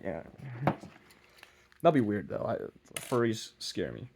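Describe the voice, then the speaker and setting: A man's voice: fairly low pitch, very animated, slow pace, creaky, darkish tone, slight background noise. A young man talking casually to camera as he works on a project, mumbling and self-deprecating, often trailing off and restarting. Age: young adult. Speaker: vlogger. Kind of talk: casual rambling vlog while working.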